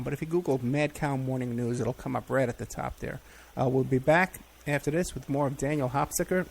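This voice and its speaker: A man's voice: mid-range voice, vocal fry. A man hosting an interview talk show who is enthusiastic and admiring toward his guest. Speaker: radio show host.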